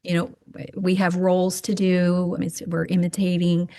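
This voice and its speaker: A woman guest who works as an end-of-life doula, answering in a gentle, reflective way. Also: lowish voice, monotone, unhurried, dry recording, clean studio sound. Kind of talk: interview answers.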